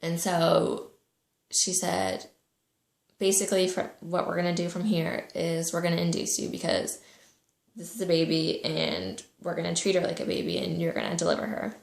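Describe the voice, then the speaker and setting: A young woman recounts a painful memory, speaking softly and haltingly, pausing often. Her voice sits a little low and has a gravelly fry. The room around her sounds echoey. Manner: emotional, halting, soft-spoken. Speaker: vlogger. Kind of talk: personal storytelling.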